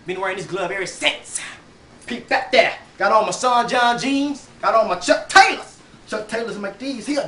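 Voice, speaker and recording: Loud teasing man ranting for laughs; animated, bright and sharp delivery. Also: high voice, normal speed, slight background noise. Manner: boisterous, teasing, swings between loud and mumbled. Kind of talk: comic rant to camera.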